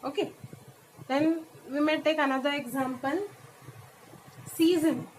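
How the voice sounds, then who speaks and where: A woman teacher with an Indian English accent, giving a classroom lesson in English and Hindi, explaining step by step and repeating each example word slowly. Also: high voice, a little hiss or hum, rough recording. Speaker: school teacher. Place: school.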